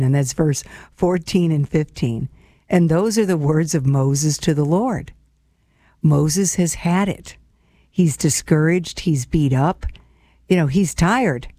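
Woman, faith program host, devotional reflection, earnest, personal, mellow voice, dry close sound. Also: low-pitched, dry recording. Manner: earnest and personal, speaks to listeners as friends; laughs lightly, sometimes drops to a whisper.

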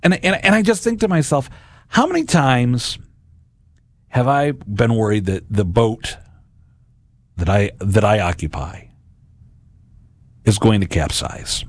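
A man in his forties giving an earnest devotional talk about scripture, often pausing and restarting his sentences. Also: fairly low pitch, animated, no echo. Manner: earnest, halting, with many restarts. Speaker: Catholic speaker.

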